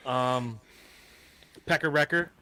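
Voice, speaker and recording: A man's voice: mid-range voice, slow pace, pushed and bright. A man co-hosting a podcast, chatting casually and cracking goofy jokes. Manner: joking, goofy. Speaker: podcast co-host. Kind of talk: casual chat.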